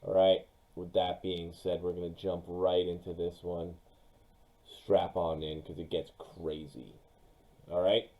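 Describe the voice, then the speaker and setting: A young man giving casual, excitable commentary on his own football mock draft, speaking straight to his viewers. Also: sits low, unhurried, vocal fry, muffled recording. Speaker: sports YouTuber.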